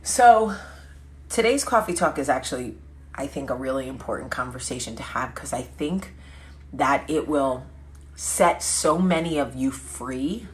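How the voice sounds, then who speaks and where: Woman, low-pitched voice, chatty vlog host, rambling asides, self-corrections. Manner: chatty storytelling with quick asides; lively, laughing, self-correcting. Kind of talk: casual chat.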